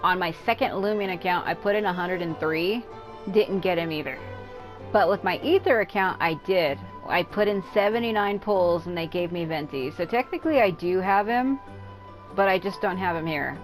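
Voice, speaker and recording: A tired woman chats through a gameplay session in a fairly low voice, rambling and reacting aloud as she goes. Her talk is loose and unpolished, with faint game music underneath. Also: moderate pace, poor audio. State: tired and worn out. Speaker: gameplay streamer. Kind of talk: casual gameplay commentary.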